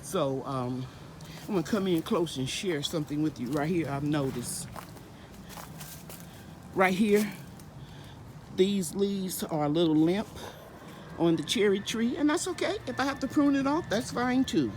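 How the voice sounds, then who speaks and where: This gardening channel host narrates casually outdoors in her own garden, talking through every step of her work. She speaks in a fairly low, animated voice, a little slowly and with long pauses, amid background noise.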